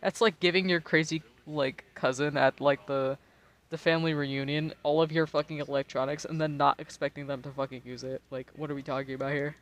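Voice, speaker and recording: A man's voice: a little high, flat delivery, fairly quick, a bit bright. An American man in his twenties, tipsy and rambling in casual, profane chat while streaming a game, laughing often. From United States. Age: 20s.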